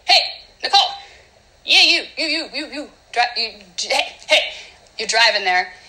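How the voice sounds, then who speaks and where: A woman's voice: high-pitched, lively intonation, moderate pace, sharp tone, full character voice. A woman voicing God as a teasing, pestering caller who stammers and keeps repeating "hey".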